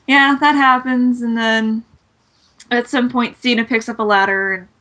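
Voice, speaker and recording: A woman's voice: fairly high pitch, fairly even intonation, measured pace, bright, forceful tone. A woman co-hosting a podcast, recapping wrestling in blunt, sarcastic casual chat and swearing freely. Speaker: podcast co-host.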